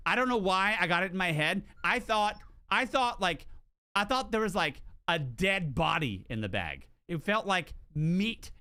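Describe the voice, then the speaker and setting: Animated, bright-voiced male streamer. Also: high-pitched. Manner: animated, swears, restarts and repeats words. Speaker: game streamer. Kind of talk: casual livestream storytelling.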